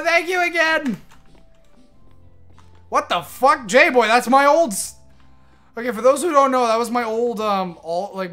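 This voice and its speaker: A young man streaming a game live, chatting excitedly, swearing and thanking his viewers. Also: high-pitched.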